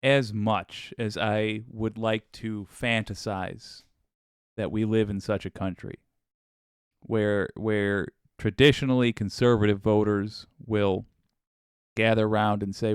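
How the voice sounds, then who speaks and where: Chatty low-voiced male host, smooth and dry. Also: fairly even intonation, slow pace, no room sound. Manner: rambling, self-interrupting, chuckling asides. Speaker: show host. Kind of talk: casual live-stream political commentary.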